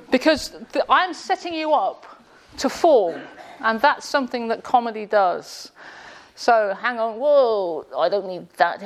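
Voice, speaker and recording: A woman giving a classroom lecture with jokes, sarcastic and quizzing her audience in a room. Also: a little high. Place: indoor room with a live audience.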